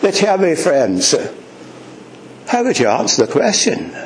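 A man preaches in a slow, deliberate sermon, calling out congregation members by name and hammering points home with repetition. His pitch swoops widely between low murmurs and high peaks. The voice rings through a roomy hall with faint ambience behind it. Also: huge pitch swings, slight background noise. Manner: fervent, repetitive emphasis. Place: church hall before a congregation.

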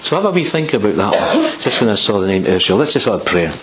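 Older Scottish preacher reading scripture. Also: male voice, fast, few pauses, rough recording. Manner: reads scripture with lively rises in pitch on quoted speech. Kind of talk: sermon scripture reading and prayer. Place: church.

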